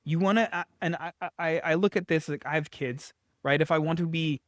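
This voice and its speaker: A man talking on camera about marketing in a loose, off-the-cuff way, full of "like" and self-corrections. His voice sits a little high for a man. The sound is dry and close, with no room echo. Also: fairly quick, a bit bright. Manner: conversational, frequent fillers and restarts. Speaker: business coach. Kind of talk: casual talking-head advice video.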